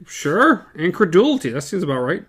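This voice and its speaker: Wry, lively male podcast co-host. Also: sits high, a little fast. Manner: wry, joking, lively delivery. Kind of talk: casual book discussion and reading aloud.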